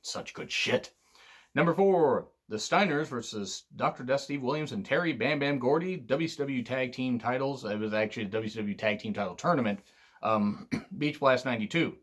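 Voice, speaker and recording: A tired man hosting a casual wrestling countdown, rambling, swearing freely and often clearing his throat. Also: medium pitch, moderate pace, fairly bright tone. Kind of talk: casual spoken countdown commentary.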